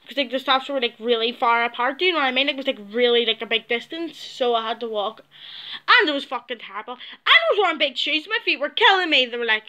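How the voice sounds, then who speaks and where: A young woman tells a story to her vlog viewers in a high, bright voice. She talks bluntly and swears a lot. She often sinks into low, muttered asides. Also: animated, fast talker. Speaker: vlogger. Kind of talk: casual storytelling.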